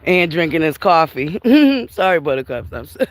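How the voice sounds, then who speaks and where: A woman hosts a casual walking livestream by a river, laughing and chatting with viewers she calls Buttercups, somewhat winded in the heat. Her low-pitched voice moves at a normal speed, animated, with no echo.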